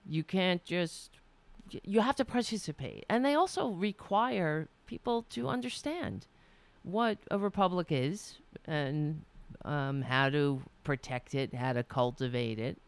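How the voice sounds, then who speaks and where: A woman's voice: sits low, animated, a little slow, dry recording. A woman hosting a casual livestream from home, chatting candidly, laughing easily and swearing now and then. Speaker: political livestream host. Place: home room.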